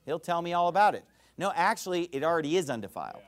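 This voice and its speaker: Fiery, high-pitched preacher man. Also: expressive, quick pace. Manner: fiery, emphatic preaching with sharp swings in loudness. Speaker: pastor. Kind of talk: sermon.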